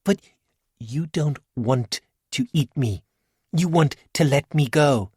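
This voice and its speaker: A man's voice: fairly high pitch, slow pace, darkish tone, husky, no echo, voice pushed up, heavily acted. A man reading aloud and voicing a bold, sarcastic young woman in a storybook, with dry, wisecracking talk. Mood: pleading.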